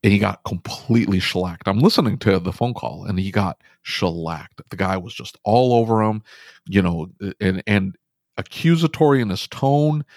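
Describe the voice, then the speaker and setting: Animated, low-voiced man telling a story. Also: dry recording, studio quality. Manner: animated storytelling, frequent restarts. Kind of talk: casual podcast conversation.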